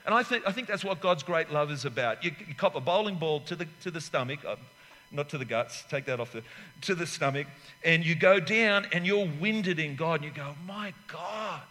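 Bright-voiced pastor in a hall. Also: male voice, on the high side, lively intonation, brisk. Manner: emphatic, rambling asides, acts out little scenes. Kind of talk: sermon.

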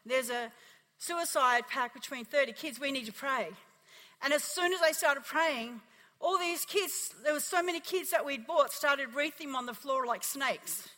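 Bright-voiced Australian woman preaching in a reverberant hall. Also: high voice, measured pace. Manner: animated storytelling, acting out quotes. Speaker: pastor. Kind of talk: testimony sermon.

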